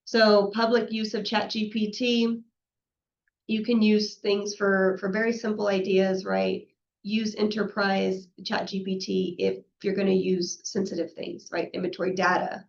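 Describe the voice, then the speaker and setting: Woman presenter with gravelly tone. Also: mid-range voice, little pitch movement, measured pace, lo-fi sound. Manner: conversational, frequently adds "right?" and acts out quoted exchanges. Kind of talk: professional webinar presentation.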